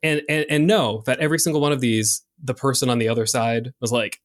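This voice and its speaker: A man's voice: mid-range voice, steady tone, a little fast. A man co-hosting a podcast, talking frankly and casually about sex with lots of fillers. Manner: chatty, frank, filler-heavy. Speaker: podcast co-host.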